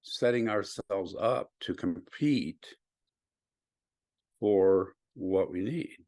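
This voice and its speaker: An older man co-hosting a podcast, explaining his ideas in a calm, thoughtful way. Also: deep voice, very slow, no room sound. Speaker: podcast co-host. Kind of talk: casual conversation.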